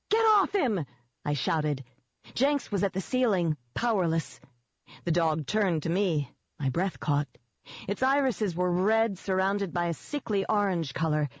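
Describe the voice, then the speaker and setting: A woman's voice: on the low side, dry recording, lo-fi sound. A woman giving first-person scripted narration of an audiobook in a tense, vivid storytelling manner.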